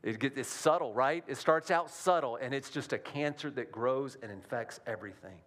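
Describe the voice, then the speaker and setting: A man's voice: mid-range voice, moderate pace, fairly bright tone. A male pastor giving a sermon in a conversational style, often checking in with the congregation through rhetorical questions.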